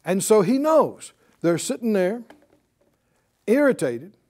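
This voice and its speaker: A man delivers a sermon in a high, bright register. His pitch swings widely as he keeps pulling responses from the congregation. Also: slow pace. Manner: animated, calls for responses from the congregation. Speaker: preacher.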